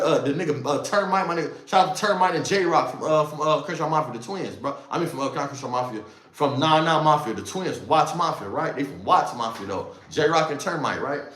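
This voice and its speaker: Animated Los man, echoey room. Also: fairly high pitch. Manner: animated street slang, emphatic oaths, swings loud and quiet. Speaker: livestream host telling a story. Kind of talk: casual storytelling on a livestream.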